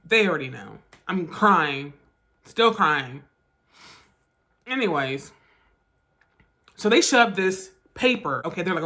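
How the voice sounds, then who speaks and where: A woman vlogger telling a personal story, halting and emotional, with restarts and quick bursts that trail off softly. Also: lowish voice, big pitch swings. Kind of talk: storytime vlog.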